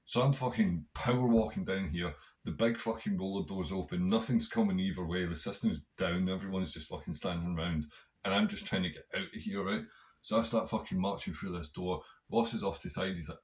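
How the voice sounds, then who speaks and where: A man's voice: low-pitched, brisk. A man hosting a podcast, telling a rambling story in a casual monologue, swearing constantly. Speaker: podcast host.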